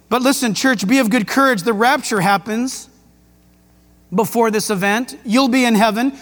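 A man preaching a sermon as pastor, emphatic and excitable, with jokes and rhetorical questions. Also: very high voice. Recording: long hall reverb.

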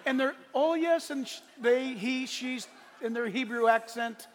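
Man, pastor, animated sermon, very high voice, long church reverb. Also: measured pace, a little hiss or hum. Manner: animated, swinging from quiet asides to loud emphatic preaching. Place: church sanctuary. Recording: echoey church hall with congregation. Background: congregation.

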